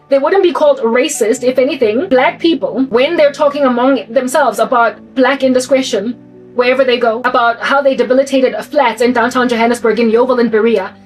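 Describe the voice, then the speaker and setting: A woman's voice: high voice, rough recording. A woman giving an impassioned, rhetorical monologue, often repeating her questions. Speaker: channel host. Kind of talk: monologue commentary.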